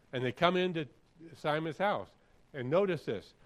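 A man preaching a sermon, reading scripture aloud and then explaining it conversationally, often clearing his throat and repeating phrases for emphasis. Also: fairly high pitch, lively intonation, unhurried, rough recording. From San Francisco area. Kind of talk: expository sermon.

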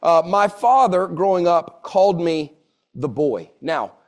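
A man in his forties preaches with a notably high-pitched voice. He is earnest and circles back on his phrases to drive each point home. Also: lively intonation, measured pace. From Southern United States. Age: 40s. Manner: earnest, repeats phrases for emphasis. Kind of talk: sermon.

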